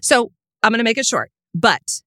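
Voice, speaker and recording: Animated woman telling a story. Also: moderate pace, dry recording, studio quality. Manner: animated, swearing, big pitch jumps when excited. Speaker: podcast co-host. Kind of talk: casual chat, storytelling.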